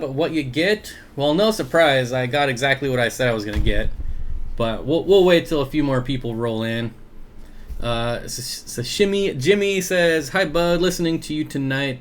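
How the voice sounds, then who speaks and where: A man's voice: medium pitch, moderate pace. A man hosting an aquarium livestream in easygoing, casual chat. He reads viewer comments aloud, greets people by name and chuckles often.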